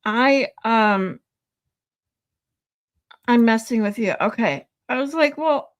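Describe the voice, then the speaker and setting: A woman's voice: on the high side, slow pace. A woman streaming live, chatting casually with viewers, laughing often and swearing loosely. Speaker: live streamer reading chat.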